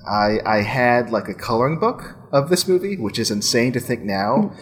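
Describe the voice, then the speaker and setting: A man's voice: medium pitch, animated, normal speed, husky. A man hosting a podcast, chatting casually with enthusiasm and introducing clips, rambling with fillers. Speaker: podcast host.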